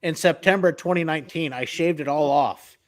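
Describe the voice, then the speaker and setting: Man, slightly high pitch, lively storyteller, casual chat. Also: brisk, a crowd in the background. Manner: lively storyteller, swears freely.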